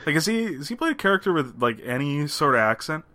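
A man from Canada co-hosting a podcast, chatting casually about movie rankings, laughing and swearing with quick asides. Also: fairly high pitch, sing-song, pushed and bright. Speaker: podcast co-host.

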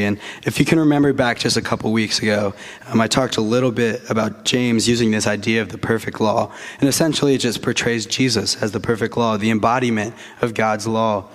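A man preaching a sermon to his congregation, earnest, with frequent restarts, and slowing down to stress key phrases. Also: on the low side. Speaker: pastor.

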